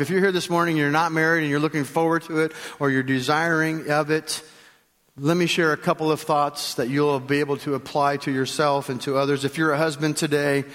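High-voiced male pastor preaching. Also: level tone, fairly quick, fairly bright tone, long reverb tail. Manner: conversational and joking, addresses the congregation directly. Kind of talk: sermon.

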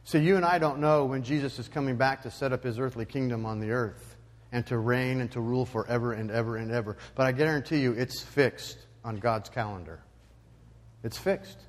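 Male pastor, sermon, emphatic preaching, loud rising peaks, long church reverb. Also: medium pitch, a little fast.

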